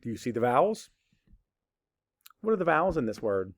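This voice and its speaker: A man's voice: mid-range voice, very animated, normal speed. Patient teacher man talking to kids. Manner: patient, encouraging, talks directly to young viewers. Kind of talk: phonics lesson for children.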